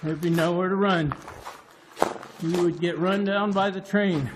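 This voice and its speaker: A man's voice: sits high, steady tone, measured pace. A middle-aged man out of breath, chatting and thinking aloud on a phone while running through a long tunnel. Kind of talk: casual walking commentary. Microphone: phone held while running. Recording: noisy phone recording.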